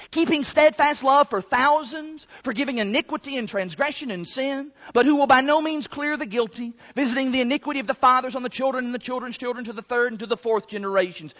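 A man's voice: very high voice, fairly bright tone. A man preaching a sermon, stretching out key words for emphasis. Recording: long hall reverb, dull lo-fi sound.

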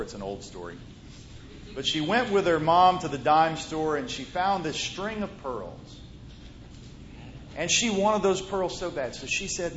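A man preaching a sermon, moving between loud, emphatic lines and soft, hushed storytelling. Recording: roomy muffled hall recording, faint rumble.

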